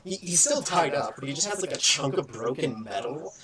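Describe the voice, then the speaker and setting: A man's voice: a little high, big pitch swings, brisk, a crowd in the background. A man running a tabletop game as game master, narrating loosely with lots of fillers.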